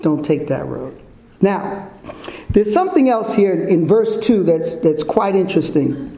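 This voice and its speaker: High-voiced man preaching slowly in a roomy space. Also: sing-song, creaky, dark tone. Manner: emphatic, asks listeners rhetorical questions. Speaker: Bible teacher. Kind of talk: informal sermon. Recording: echoey room.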